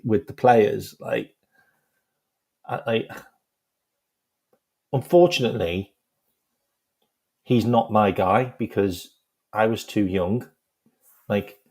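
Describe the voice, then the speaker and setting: On this football fan channel, the male host speaks in a lowish, slightly mellow voice. He chats loosely on a live stream, wandering from point to point, saying "like" constantly and laughing through his stories.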